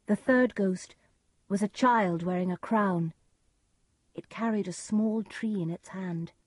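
A woman giving calm, measured storybook narration. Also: mid-range voice, husky, no room sound.

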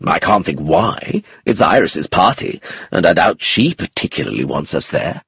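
A man's voice: sits low, sing-song, normal speed, fairly bright tone, husky, dry recording, voice pushed down, exaggerated voice. A man voicing a reserved husband torn by guilt in an audiobook, speaking with pleading emotion. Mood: disapproving. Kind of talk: audiobook character reading.

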